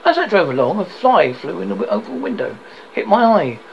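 A man's voice: high voice, very animated, fairly quick, vocal fry, muffled recording, a little hiss or hum, exaggerated voice. A man reading the lines of a worried young man who plays his troubles down, in a storybook reading. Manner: plays things down.

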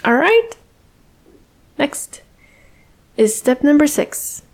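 A woman giving self-help advice straight to the viewer, speaking calmly and firmly with repeated, emphatic phrasing. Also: high-pitched. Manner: slow, calm and firm, with repeated emphatic phrasing. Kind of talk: talking-to-camera advice on setting boundaries.

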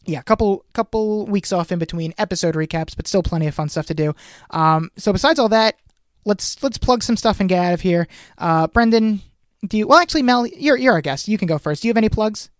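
Rambling Long Island podcast co-host. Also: male voice, sits high, lively intonation, brisk, no room sound, clean studio sound. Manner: rambling, self-correcting, laughs often. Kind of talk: casual podcast chat.

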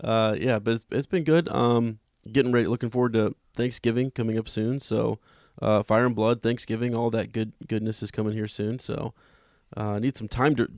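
A man co-hosting a book club podcast, hoarse from a cold and losing his voice, talking casually with fillers and throat clearing. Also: lowish voice, fairly even intonation, normal speed, a little mellow, no echo, studio quality. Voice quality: gravelly. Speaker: podcast co-host.

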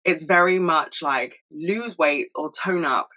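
A young woman talking fast and rambling in a casual monologue at home, swearing freely. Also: deep voice, pushed and bright, low-quality recording. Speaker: solo podcast host.

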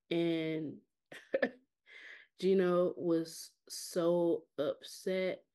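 Deep-voiced woman with blunt quips. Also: a little slow, dark tone. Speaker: podcast co-host. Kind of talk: casual recap chat.

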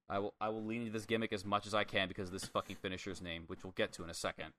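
A man co-hosting a podcast, chatting casually about a wrestling match, animated and swearing freely as he acts out what people said. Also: on the low side, racing, hardly any pauses, a little hiss or hum. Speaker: podcast co-host. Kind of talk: casual wrestling review chat.

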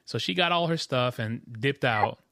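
A man co-hosting a casual podcast, telling stories in a lively, chatty way. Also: medium pitch, normal speed, dry recording. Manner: animated storytelling, mimics neighbors. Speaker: podcast co-host. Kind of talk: casual chat.

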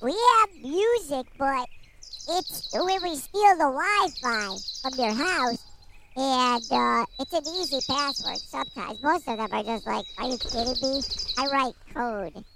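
A woman voicing a cheeky male squirrel who rambles excitably through an interview. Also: high voice, unhurried, creaky, noisy background, heavily acted. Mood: chatty.

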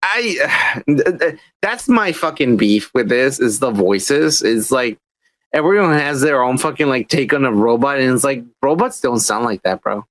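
Lively-pitched, complaining podcast man. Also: a little slow, dry recording. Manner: profane, complaining. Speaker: podcast co-host. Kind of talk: casual chat.

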